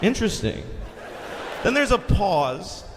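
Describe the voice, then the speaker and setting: A man's voice: sits high, very animated, slow. Exasperated profane man telling a story. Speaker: stand-up comedian. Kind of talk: stand-up comedy storytelling. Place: live comedy venue. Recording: echoey live hall with ambient noise.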